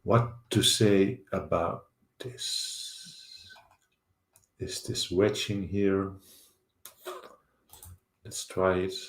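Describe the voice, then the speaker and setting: A man with a Dutch accent hosting a live stock market show, thinking aloud over charts with halting fillers. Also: low voice, a bit bright, echoey room. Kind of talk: live trading chart commentary.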